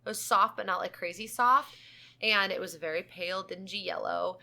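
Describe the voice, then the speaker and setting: A woman's voice: on the low side, steady tone, moderate pace, gravelly, pushed and bright. A woman co-hosting a podcast, chatting casually in a rambling, giggly way. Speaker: podcast co-host. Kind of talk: casual chat.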